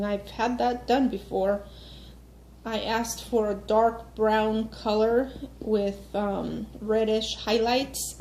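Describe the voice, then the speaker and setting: A woman in her thirties vents to her viewers about a bad day, slow and unhurried, her voice a touch higher than most. She sounds upset and keeps turning to her audience. The room is echoey with a faint hum of ambience behind her. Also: a little mellow. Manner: upset, talks to viewers directly with many fillers. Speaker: vlogger. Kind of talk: casual venting to camera.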